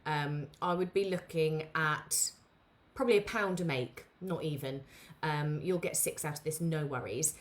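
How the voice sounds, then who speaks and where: A woman's voice: low voice, measured pace. Woman hosting a live beading tutorial, chatty and informal. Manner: chatty, greets viewers by name, many fillers. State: out of breath. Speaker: craft tutorial host. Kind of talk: live-streamed craft lesson, chatty.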